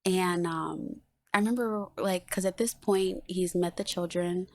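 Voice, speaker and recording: Woman guest with a low, gravelly voice, animated storyteller who acts out dialogue. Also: a little slow. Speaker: podcast guest. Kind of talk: casual storytelling.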